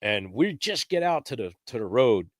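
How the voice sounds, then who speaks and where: A man's voice: moderate pace, no echo. Man telling a story in a dry room. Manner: lively storyteller, jumps pitch when acting out quotes. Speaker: podcast guest. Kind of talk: casual hunting story.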